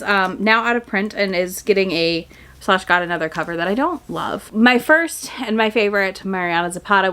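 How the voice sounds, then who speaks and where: Young woman, book vlogger, chatty, gushing, casual, medium pitch. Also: a bit bright. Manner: gushing, enthusiastic, chatty with many fillers. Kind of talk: casual book haul chat.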